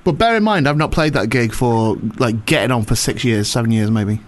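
A man's voice: mid-range voice, fairly quick. A man hosting a radio show, bantering casually, teasing his guest, swearing freely and laughing often.

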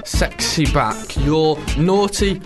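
A man's voice: on the high side, takes it slowly, over music. A man co-hosting a casual radio chat show, dry and teasing. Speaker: radio co-host.

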